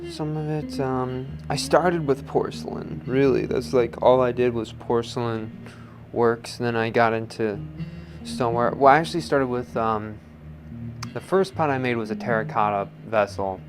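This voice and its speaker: A man's voice: mid-range voice, normal speed, over music. A man who makes pottery, chatting in a rambling, joking way with lots of fillers. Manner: rambling, filler-heavy, jokey. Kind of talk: casual interview chat.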